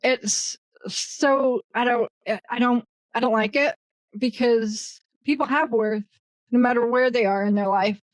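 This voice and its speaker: Woman guest, blunt and self-deprecating, higher voice, dry close sound. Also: a little slow, no echo, poor audio. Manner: rambling with fillers and restarts. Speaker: guest, virtual assistant. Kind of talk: casual interview conversation.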